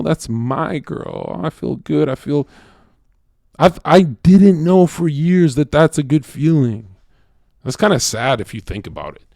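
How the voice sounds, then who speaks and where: Rambling and crude, this male streamer swears freely and fills his casual monologue with fillers, lurching from loud bursts to low muttering. His bluntness comes through on a clean studio recording with no echo.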